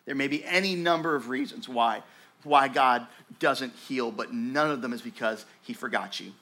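A man preaching a sermon in a conversational, animated way, often restarting his sentences and dropping to a softer, slower tone for reassurance. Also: medium pitch. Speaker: pastor.

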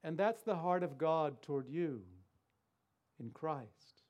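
Male pastor, sermon delivery; high voice, measured unhurried pace, emphatic. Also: expressive, lo-fi sound. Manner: deliberate, emphatic, rhetorical questions.

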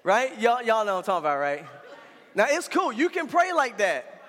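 Pastor guy preaching, really high sharp voice, gets shouty, long echo in the church. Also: sing-song, a little fast. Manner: frank, colloquial preaching that builds to shouts. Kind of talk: sermon.

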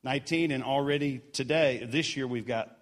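A man's voice: medium pitch, normal speed. Guy up front doing church announcements, earnest, encouraging, chatty little asides, mid voice. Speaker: church lay leader giving announcements. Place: church sanctuary during a service.

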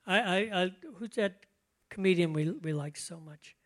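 An older man preaching a conversational sermon, relaxed and chatty, often laughing and slowing to stress key words. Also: high voice. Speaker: pastor.

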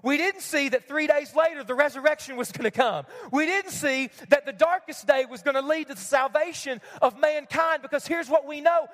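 A man's voice: extremely high pitch, a little fast, hardly any pauses, a bit bright. A man preaching a sermon as pastor, emphatic, repeating key lines and asking the congregation questions. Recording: long hall reverb.

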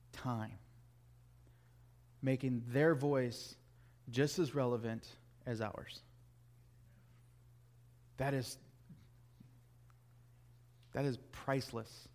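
A man's voice: medium pitch, a little mellow. An earnest man preaches a sermon in a mid-range voice. He is emphatic and hammers home key phrases by repeating them.

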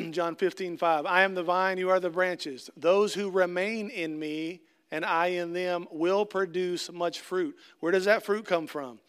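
A middle-aged man preaching a conversational sermon, asking the congregation questions and acting out little scenes with jokes. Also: high-pitched. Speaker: pastor.

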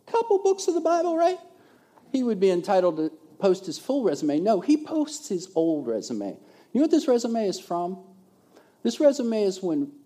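Man, pastor, sermon, animated preaching, mellow tone. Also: a little high. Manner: animated preaching, swings between loud emphasis and quiet asides.

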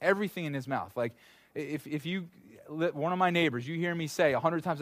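A man in his thirties preaching a sermon in a lively, conversational way, full of asides and restarts. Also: a little high, moderate pace, no echo. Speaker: pastor.

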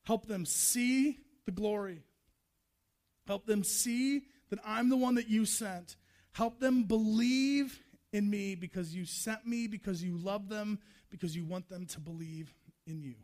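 A preacher voicing a tender, compassionate God. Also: male voice, high voice, measured pace, darkish tone. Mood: pleading. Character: tender divine man, compassionate, intimate.

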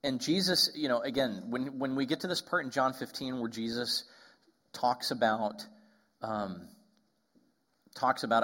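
A man's voice: mid-range voice, unhurried, long pauses, fairly bright tone. Conversational man preaching a sermon. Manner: conversational, with frequent asides and restarts. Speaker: pastor.

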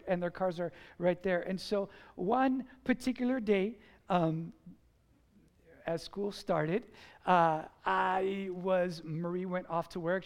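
A middle-aged man delivering a sermon in a very high voice for a man. He tells stories from his own life, climbing to loud, emphatic points and then dropping low for quiet asides. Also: long reverb tail. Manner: storytelling preacher, rises to emphatic peaks and drops to quiet asides. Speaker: pastor.

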